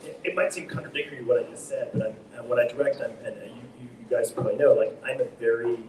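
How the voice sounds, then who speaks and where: A man's voice: mid-range voice, steady tone, very fast. A middle-aged man, an acting teacher and director, explaining his craft in a casual live talk show interview, thoughtful and emphatic when he demonstrates stressed words. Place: underground market stage. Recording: echoey public space, distant mic, faint noise.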